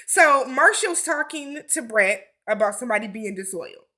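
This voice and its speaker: Sassy, bright-voiced woman recapping a show. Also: a little high, animated, normal speed. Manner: sassy, blunt, slangy asides. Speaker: reality TV recap host. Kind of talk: casual episode recap and commentary.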